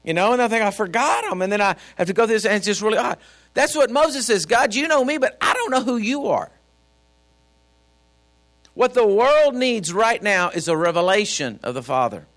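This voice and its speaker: Guy preaching in church, high-ish voice, chatty story-telling preacher. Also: fairly bright tone. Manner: folksy, storytelling preacher who addresses the congregation directly. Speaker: pastor. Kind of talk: sermon.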